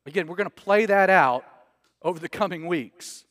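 A man's voice: high-pitched, moderate pace, fairly bright tone, dry recording. A man preaching a casual verse-by-verse sermon as pastor, conversational and joking with slang asides.

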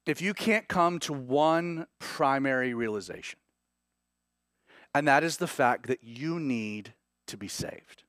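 A male pastor with a Southern US accent preaching a sermon, moving between hushed, slow stresses and rising, urgent passages. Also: mid-range voice, no room sound, clean studio sound.

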